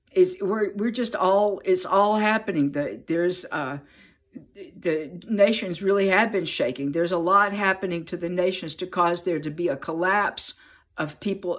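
A woman opening with a prayer, then sharing a heartfelt prophetic message in an earnest, halting way, with many restarts and ums. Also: fairly low pitch. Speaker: Christian prophetic speaker.

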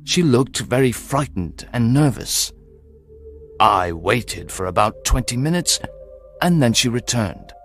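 Man, audiobook narration, clear, expressive, mid pitch, soft background music. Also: takes it slowly. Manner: clear, expressive first-person telling. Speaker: storyteller. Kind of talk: scripted audiobook narration for learners.

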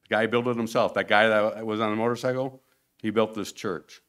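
A man's voice: lowish voice, steady tone, a little fast, a bit bright. A man giving a rambling, conversational mission report at a church podium, often restarting his sentences. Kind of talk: informal church presentation with slides.

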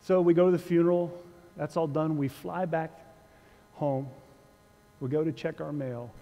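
Guy pastor giving a sermon, kinda high voice, sarcastic jokey asides, echoey church. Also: steady tone, normal speed, lo-fi sound. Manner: conversational, dryly humorous, sarcastic wit. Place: church sanctuary.

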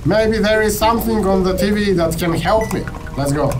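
High-voiced playful male gamer. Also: moderate pace, noisy background. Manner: playful, dramatic, jokey. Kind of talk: playful game commentary. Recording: game music behind the voice.

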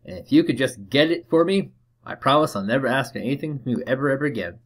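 A man's voice: mid-range voice, lively intonation, fast, lightly acted. A man voicing a scrappy seven-year-old homeless boy in a put-on Cockney accent, chattering and pleading in a game.

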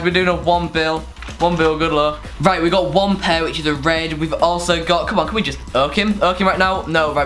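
A young man giving excitable, sweary live commentary over a game, yelling one moment and groaning the next. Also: on the high side. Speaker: gaming streamer.

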